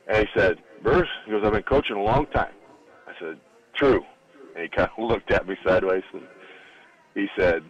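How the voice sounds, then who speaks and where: Low-voiced man spinning a lively story. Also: brisk, breathy edge, lo-fi sound. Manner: animated anecdotal storyteller acting out quotes. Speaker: guest, former college football lineman. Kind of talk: casual storytelling interview. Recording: radio broadcast studio.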